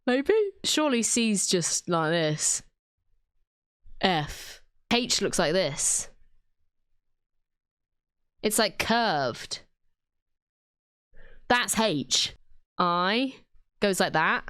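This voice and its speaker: A woman's voice: mid-range voice, expressive, very slow, pauses often, fairly bright tone, clear, resonant tone, dry recording, clean studio sound. A young British woman at home giving casual, self-mocking commentary while she draws, thinking aloud and giggling. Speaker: drawing video creator.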